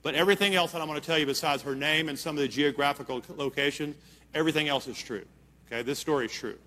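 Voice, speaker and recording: A man's voice: on the high side, quick pace, pushed and bright. A man preaching a sermon, telling a story in an earnest, emphatic way and checking in with his listeners. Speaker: pastor. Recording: long hall reverb.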